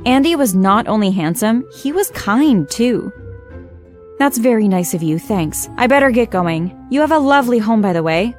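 A woman narrating a scripted first-person story in a wry, lively way. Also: a little high, moderate pace, faint music behind.

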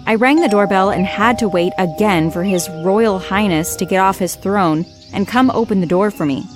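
A woman narrating a scripted first-person story in a wry, lively way. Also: mid-range voice, moderate pace, music in the background.

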